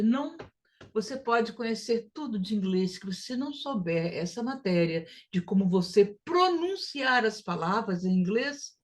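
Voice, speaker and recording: A woman teaching English pronunciation, repeating phrases to show stress and rhythm. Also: mid-range voice. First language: Portuguese. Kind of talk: pronunciation lesson.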